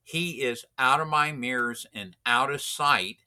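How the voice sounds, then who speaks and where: A man's voice: medium pitch, unhurried, pushed and bright. A man casually telling a racing story, rambling with many restarts and fillers. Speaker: racing driver instructor.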